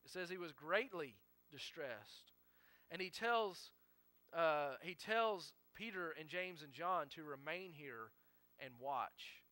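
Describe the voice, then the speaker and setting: A man's voice: a little high, animated, takes it slowly, bright, forceful tone, no room sound. A male pastor preaching a sermon in an earnest way, acting out the quotes he reads and often correcting himself mid-sentence.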